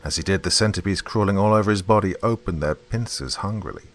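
A man's voice: sits low, fast talker. A man narrating a horror story in the first person, in a tense, dramatic way.

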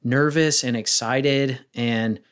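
A man's voice: medium pitch, slow, clear, resonant tone. A man being interviewed on a podcast about wedding filmmaking, talking casually and acting out the questions he asks people. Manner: rambling, acts out quoted questions in a lively voice.

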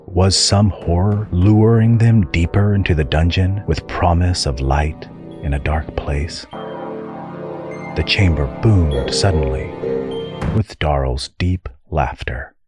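A man reading an audiobook with measured, steady storytelling. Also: low-pitched, music in the background. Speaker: audiobook narrator. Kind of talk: scripted narration.

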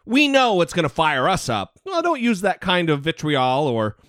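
A man's voice: on the high side, sing-song, normal speed, fairly bright tone, dry recording, clean studio sound. A man co-hosting a casual podcast, chatting and reading out listener voicemails, stumbling now and then over his words. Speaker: podcast co-host.

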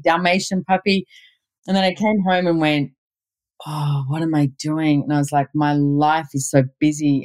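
A middle-aged woman with a low, darkish voice speaks as a guest relationship expert in a casual conversation. She is candid, tells personal stories, and laughs easily.

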